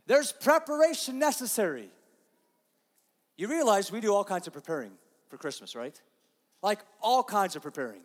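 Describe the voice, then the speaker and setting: A pastor giving a conversational sermon, dropping to soft, slow asides and rising to loud, emphatic lines. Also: male voice, sits high, very animated, in a large hall. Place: church sanctuary.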